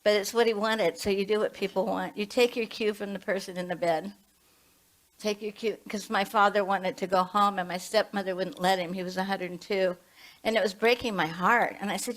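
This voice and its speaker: A woman in her late seventies gives a conversational sermon as a minister and hospice chaplain. She talks in a chatty, storytelling way, throwing in asides as she goes. Her voice sits at a middle pitch. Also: normal speed, low-quality recording. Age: 70s.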